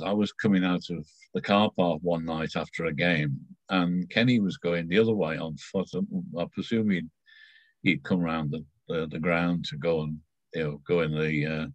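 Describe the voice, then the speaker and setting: A middle-aged man telling stories casually, rambling and halting with many fillers and restarts. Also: low voice, no room sound, dull audio. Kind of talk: casual storytelling.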